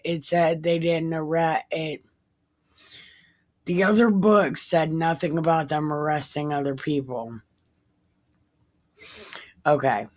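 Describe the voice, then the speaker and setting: Slow, irreverent woman reading scripture. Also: deep voice, darkish tone. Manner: irreverent, profane, wisecracking asides. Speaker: host reading the Bible aloud. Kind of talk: casual scripture reading with commentary.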